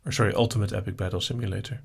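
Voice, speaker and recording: A man hosting a live session, reading listener questions aloud and answering them in a relaxed, casual way. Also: on the low side, rapid-fire, gravelly, husky. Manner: relaxed, reads out questions then answers briefly.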